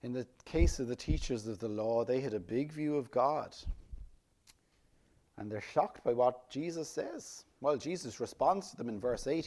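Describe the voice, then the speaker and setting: A man preaching a sermon, lively and rhetorical, often putting questions to his listeners. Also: mid-range voice. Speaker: pastor.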